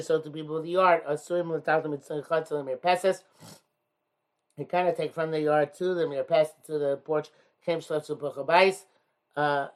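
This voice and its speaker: Hesitant man translating a religious text. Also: fairly high pitch. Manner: reads Hebrew-Aramaic phrases then explains in English, many hesitations. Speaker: Talmud teacher. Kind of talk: text study lesson, reading and translating.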